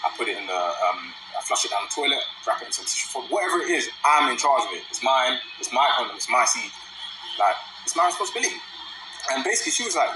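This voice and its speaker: Young man, casual rambling anecdote, quick pace, background noise, mid-range voice. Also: mid-range voice, sing-song. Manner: rambling, addresses listeners as guys. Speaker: storyteller in a played clip. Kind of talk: casual storytelling.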